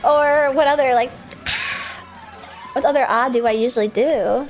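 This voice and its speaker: High-voiced woman streamer, rambly chat. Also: slow pace, soft background music. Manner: rambling, filler-heavy, with sudden loud outbursts at the game. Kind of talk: casual live-stream chat while gaming.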